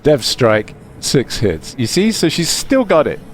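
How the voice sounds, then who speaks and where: A man's voice: medium pitch, wildly swooping pitch, measured pace, slight background noise. A man giving chatty, explanatory commentary over his own gameplay, with many fillers. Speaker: gaming YouTuber.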